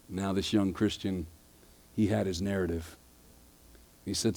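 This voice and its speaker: A man who is a pastor, preaching a sermon, telling a story softly and then rising loud when he exhorts. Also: low voice, fairly even intonation, unhurried, long pauses.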